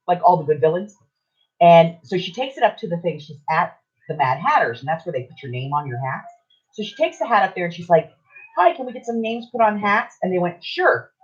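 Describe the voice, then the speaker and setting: An older woman casually telling a long anecdote on a talk show, chatty and lively, slipping into other people's voices as she quotes them. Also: sits low, muffled recording. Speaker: podcast co-host. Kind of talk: casual storytelling.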